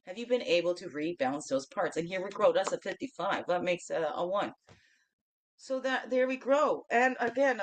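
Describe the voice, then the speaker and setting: Chatting her way through a spiritual card reading on her daily reflection show, this woman has a mid-range voice. She laughs a lot, repeatedly asks "okay?", and moves from loud outbursts to quiet asides.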